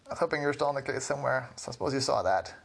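A man's voice: mid-range voice, rapid-fire, gravelly, lightly acted. A man voicing a bold, tough old witch woman, with a raised, spirited voice. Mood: friendly.

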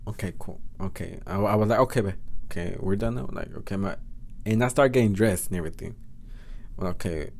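A man's voice: fairly low pitch, fairly quick, darkish tone. A man with a Spanish accent hosting a podcast, telling a story in a blunt, profane, chatty way. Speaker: podcast host. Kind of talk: casual storytelling monologue.

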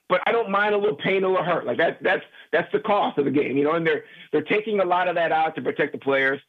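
A man who played football as a guest on a sports radio show, stumbling over repeated words, then telling stories quickly. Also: high-pitched, lo-fi sound. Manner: halting, repeats words, then fast storytelling. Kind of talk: phone-in sports interview.

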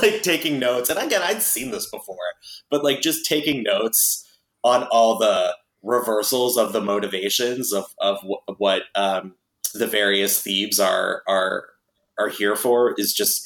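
A man with a fairly low, slightly bright voice hosts a podcast, chatting casually and wryly about a movie with plenty of fillers. The recording is low quality and reverberant.

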